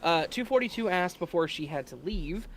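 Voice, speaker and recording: A man interviewing a streamer, reading out viewer questions in a relaxed, reassuring, slangy way. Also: high voice, moderate pace, slight background noise. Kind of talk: casual livestream chat.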